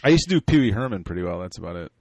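A man co-hosting a laid-back podcast, with a fairly low voice. He stops and restarts often and lets his sentences fade out, and the sound is dry and close. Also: sing-song, very fast, no echo. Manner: hesitant, full of restarts, trails off quietly. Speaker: podcast co-host. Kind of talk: casual chat.

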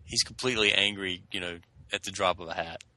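A man's voice: low-pitched, steady tone, fairly quick, bright, forceful tone, no room sound, low-quality recording. A man co-hosting a casual podcast, teasing his partner and making joking mock threats. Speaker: podcast co-host.

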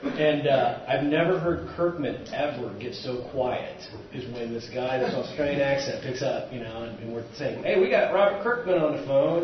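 A man's voice: mid-range voice, normal speed, muffled recording. A man on a podcast panel, telling a story and laughing along the way. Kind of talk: anecdote telling. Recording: distant roomy hall mic, crowd.

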